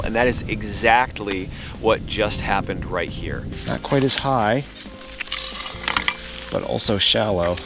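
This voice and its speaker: A man with a slightly low voice hosts a casual metal detecting vlog from a lake beach. He explains his finds in an eager, teaching way. Background music runs clearly under his words. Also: fairly bright tone. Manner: explanatory, enthusiastic about finds. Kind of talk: casual outdoor vlog narration.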